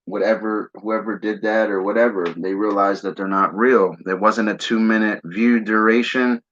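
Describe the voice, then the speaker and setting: Philly-raised male streamer, loose rambling talker with a sharp tone. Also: on the low side, steady tone, normal speed. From Philadelphia area, US. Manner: rambling, keeps saying "man"; smokes while talking. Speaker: livestream host. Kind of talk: casual livestream chat. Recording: dull lo-fi stream audio.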